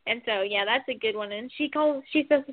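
A woman co-hosting a casual chat show, rambling and animated as she retells scenes with lots of fillers. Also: a little high, brisk, dry recording. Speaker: co-host. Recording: phone-like dry sound.

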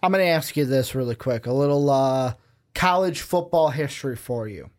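A man's voice: medium pitch, lively intonation, moderate pace, darkish tone. A young man co-hosting a sports podcast in casual chat, quizzing his partner with rambling asides. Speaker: podcast co-host.

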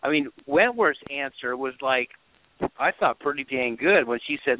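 A man calling in as a guest, telling stories in a lively way with quick restarts. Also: mid-range voice. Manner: animated storyteller, quick restarts. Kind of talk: casual call-in show talk. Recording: tinny phone line with faint hiss.

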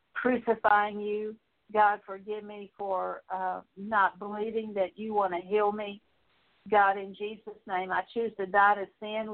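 Earnest woman praying, flat tinny sound. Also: medium pitch. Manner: earnest, repetitive petitions with halting pauses. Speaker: Bible teacher. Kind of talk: leading a prayer of confession. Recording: tinny phone-like recording.

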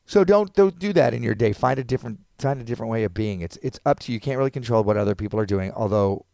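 A man's voice: mid-range voice, animated, fast, gravelly, dark tone, no room sound, clean studio sound. A man in casual podcast chat, rambling and reflective, now and then acting out quotes.

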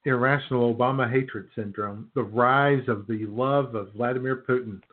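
Male podcast co-host, mid pitch, sardonic and filler-heavy, phone-band sound. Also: fairly even intonation, normal speed, phone-quality sound. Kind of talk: casual chat.

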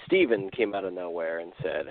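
A man's voice: low-pitched, animated, fairly quick, vocal fry, dry recording. A man casually telling a spooky story on a podcast, rambling and correcting himself as he goes. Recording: tinny phone-like sound.

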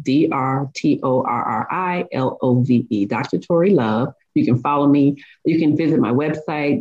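A woman's voice: deep voice, darkish tone. Upbeat motivational woman on a dull line. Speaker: guest life coach. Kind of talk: interview talk. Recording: dull lo-fi sound.

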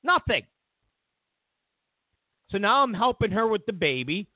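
A man's voice: sits high, sing-song, a little slow, no echo. A man hosting his own show, ranting in a casual, sarcastic and mocking way about the news. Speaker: show host. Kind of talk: casual political commentary rant. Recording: tinny phone-like line, dry.

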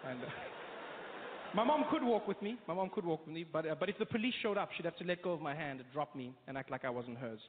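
South african man, stand-up comedy, high voice, tinny audio, echoey hall. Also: slight background noise. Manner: animated storytelling, quick impressions.

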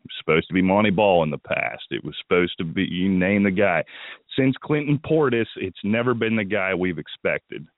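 A man's voice: deep voice, lively intonation, normal speed, no room sound. A man hosting a fantasy football radio show, giving opinionated player advice in a casual talk-radio style with a bit of morning voice. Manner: opinionated, thinks aloud with restarts. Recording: tinny phone-line sound, dry.

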